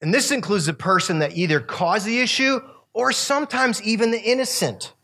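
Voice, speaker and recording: A man's voice: sits high, moderate pace, bright, forceful tone. A man in his fifties giving a sermon-style talk to young people, telling stories and laughing at his own asides. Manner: storytelling with laughs and asides to the room.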